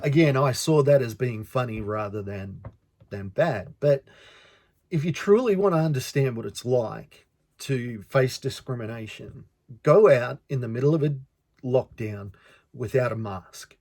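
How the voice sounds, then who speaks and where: A man's voice: medium pitch, animated, a little slow, a little mellow, no room sound. An Australian man hosting a podcast, telling a personal story in an earnest way and often repeating words as he talks. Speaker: podcast host.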